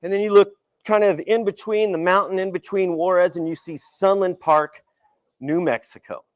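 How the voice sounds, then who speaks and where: A man giving a casual, animated storytelling keynote to a live audience at an event hall. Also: high voice, normal speed. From El Paso, Texas. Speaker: keynote speaker. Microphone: handheld mic, partly without it.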